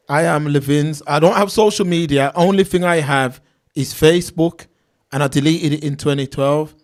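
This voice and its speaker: A man, hosting a casual livestream and reading viewers' names and comments aloud in street slang. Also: a little high. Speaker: livestream host reading chat.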